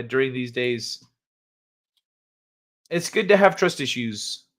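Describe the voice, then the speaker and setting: A man's voice: fairly high pitch, fairly bright tone. Laid-back male livestream host. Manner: laid-back, hesitant, full of fillers. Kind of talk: casual chat with viewers.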